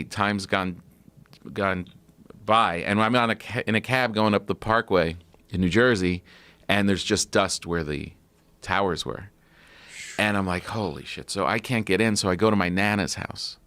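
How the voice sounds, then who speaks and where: A man on a podcast tells a personal story at length, looping through fillers and restarts. His voice sits on the low side and is recorded close and dry in a studio. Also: moderate pace, bright, forceful tone, no room sound. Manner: rambling, filler-heavy anecdote telling. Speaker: podcast guest. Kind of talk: casual storytelling.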